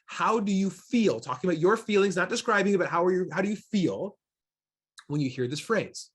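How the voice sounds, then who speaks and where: A man's voice: high-pitched, expressive, fairly quick, fairly bright tone, breathy edge. A man from Seattle leading an online diversity workshop, emphatic and full of questions for his audience, talking into a computer mic. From Seattle, USA. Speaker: diversity trainer.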